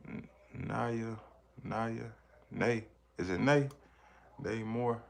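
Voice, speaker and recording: Extremely slow, with a steady, gravelly, medium-pitched voice, the man, a parent, rambles casually on his livestream while responding to comments from viewers.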